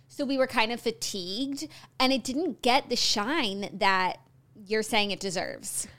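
A woman co-hosting a casual podcast, her voice sitting a little high. She gives quick, enthusiastic recaps in easy conversation. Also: a bit bright. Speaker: podcast co-host. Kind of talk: casual chat.

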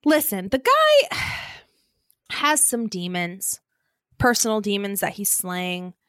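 Unhurried woman podcast co-host. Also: medium pitch, huge pitch swings, a bit bright, no echo, studio quality. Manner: chatty, laughs while joking. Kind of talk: casual chat.

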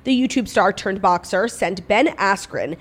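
A woman's voice: medium pitch, lively intonation, unhurried. A woman hosting a podcast in casual chat, rambling with lots of fillers. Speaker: podcast host.

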